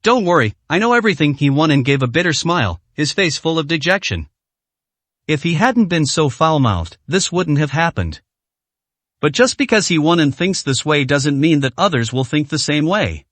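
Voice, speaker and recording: A man reading a story aloud in a steady, even scripted narration. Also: a little high, moderate pace, no room sound.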